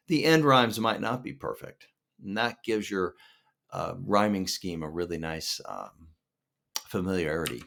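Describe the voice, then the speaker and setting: A man teaching a songwriting lesson as a screen-share tutorial, explaining step by step and checking in with the listener. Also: on the low side. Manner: upbeat, explanatory, checks in with "okay?".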